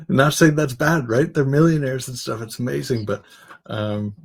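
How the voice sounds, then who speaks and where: A man's voice: medium pitch, animated, slow pace, gravelly, darkish tone, husky. A man co-hosting a casual sports talk show in a laid-back, easygoing way. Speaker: sports podcast co-host.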